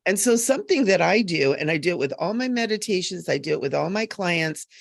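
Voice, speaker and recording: A woman psychic medium in an earnest, emphatic live-stream chat, full of quick asides, on a webcam mic. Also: fairly low pitch, expressive, vocal fry, dry recording, studio quality.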